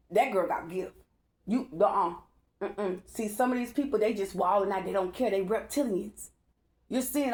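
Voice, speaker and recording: A woman's voice: medium pitch, darkish tone. A woman giving a casual spiritual reading, emphatic and profane, talking straight to her viewers. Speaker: spiritual tarot reader.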